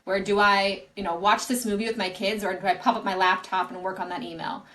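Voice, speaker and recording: A woman's voice: medium pitch, level tone, fairly quick, fairly bright tone, rough recording. A woman career coach, a podcast guest, explaining her advice earnestly and often restarting phrases. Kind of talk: podcast interview answers.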